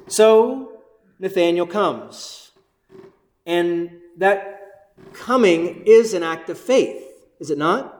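A male pastor preaching a sermon in an energetic, conversational way, often checking in with the congregation. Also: high-pitched, very slow, roomy sound. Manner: energetic, conversational, keeps asking "right?"; excited, bouncing while preaching.

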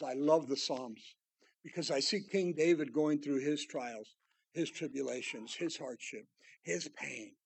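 A man preaching a sermon, reading Bible verses aloud and commenting on them, swinging between loud emphasis and hushed prayerful tones. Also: a little high, husky.

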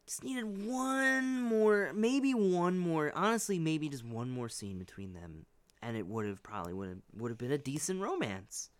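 A man's voice: on the high side, big pitch swings, unhurried, dry recording. A man co-hosting a podcast, chatting casually and rambling, hedging with many restarts. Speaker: podcast co-host. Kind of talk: casual chat.

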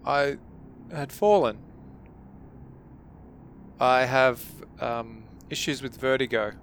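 A man plays a tabletop game, staying in character with playful, mock-polite lines. His voice is bright. There is a faint hiss behind him. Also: medium pitch, slow. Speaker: player.

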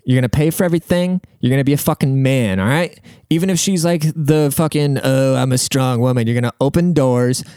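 In studio-quality sound with no room noise, a young podcast host gives crude, casual advice, cursing freely and bluntly as he responds to listeners' letters. He speaks briskly in a smooth, warm, mid-range voice.

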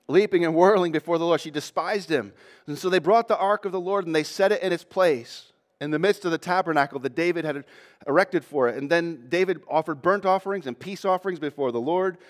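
A man preaching a sermon in a slightly higher-than-usual voice. He reads a passage, then stops to explain it, and now and then acts out the people he quotes. His delivery builds toward more and more intensity. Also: fairly quick.

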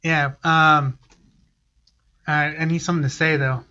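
A man joins a casual podcast as a guest, telling stories with plenty of swearing. His voice is bright and forceful, pitched a little high. The sound is dull and lo-fi. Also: fairly even intonation, measured pace. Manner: swearing, ranting storyteller.

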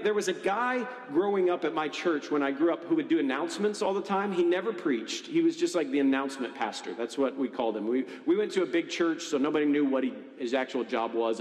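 A man preaching a sermon in a conversational, animated way, often checking in with the congregation. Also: sits high. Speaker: pastor. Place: church hall. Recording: echoey hall with long reverb.

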